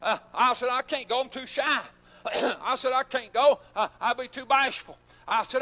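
A man preaching, his voice pitched very high. He drifts between quiet asides full of fillers and fervent shouted bursts. The sound trails off in a long hall reverb. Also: moderate pace. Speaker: pastor. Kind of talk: sermon.

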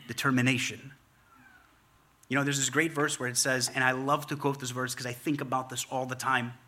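A man's voice: medium pitch, bright, forceful tone. A man preaching a sermon as pastor, repeating key words for emphasis as he builds each point. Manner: preaching with repetition and rising emphasis.

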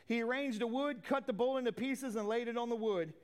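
A man preaching a sermon as a pastor, swinging from loud declarations to hushed asides, with folksy plain talk. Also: very high voice, brisk, clear, resonant tone.

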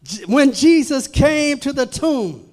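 A man preaching a sermon at a church service, swinging from hushed to loud, emphatic calls. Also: extremely high pitch, lively intonation, slow pace.

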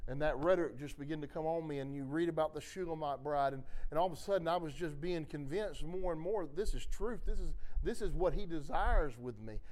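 A pastor preaching a sermon in a fairly high, very lively voice. His delivery moves from fervent exhortation to hushed, personal confession. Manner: impassioned preaching that drops to quiet, confessional storytelling.

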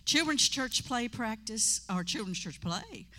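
Woman church leader, bright tone, chatty, laughs often, joking asides, church sanctuary. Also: fairly high pitch, lively intonation, a little slow. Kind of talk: casual church announcements.

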